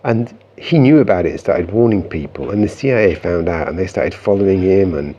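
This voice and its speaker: A man's voice: sits low, lively intonation, a little fast, mellow, dull audio, slight background noise. A man telling a reflective personal story in a meandering, conversational way, often restarting his sentences. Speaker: vlogger.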